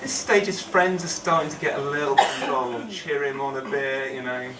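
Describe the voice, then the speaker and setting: The recording comes from a roomy, echoing hall, the mic far off and the background noisy. A man with a mid-range voice and fairly even intonation, speaking at normal speed, rambles humorously and self-deprecatingly through a funny true story before a live audience.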